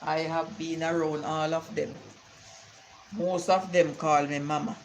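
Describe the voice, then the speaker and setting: A woman's voice: sits low, steady tone, unhurried, a little hiss or hum, poor audio. An older woman, chatting casually on a live stream and telling rambling stories with Bible sayings.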